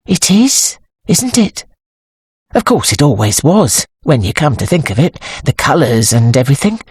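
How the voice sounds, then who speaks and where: Woman reader doing brisk female dressmaker, English accent, dry matter-of-fact manner, low husky voice. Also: big pitch swings, darkish tone, no room sound, heavily acted. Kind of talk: audiobook character voice.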